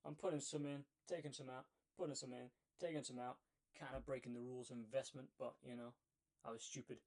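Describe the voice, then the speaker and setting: A young man tells his own story to the camera, punchy and emphatic, leaning on repeated lines. He sounds a little out of breath, and his voice sits at an ordinary middle pitch for a man. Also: fast talker. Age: young adult. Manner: energetic and emphatic, repeats phrases for effect. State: slightly out of breath. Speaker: vlogger. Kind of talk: casual storytelling monologue.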